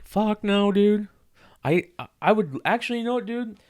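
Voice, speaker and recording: A man's voice: high-pitched, lively intonation, normal speed, a little mellow, no echo. A man co-hosting a podcast, telling a rambling story with a lot of swearing and acting out the people he quotes. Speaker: podcast co-host. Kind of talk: casual chat.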